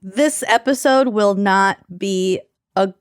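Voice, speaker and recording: A woman co-hosting a podcast in casual chat, joking and quick to laugh. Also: medium pitch, smooth, no room sound, studio quality. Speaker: podcast co-host.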